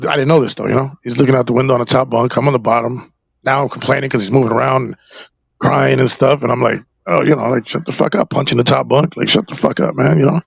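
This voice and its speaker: Gravelly New Jersey man telling his story. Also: medium pitch, no echo, lo-fi sound. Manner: halting, rambling, with frequent fillers and profanity. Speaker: podcast guest. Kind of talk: candid personal storytelling.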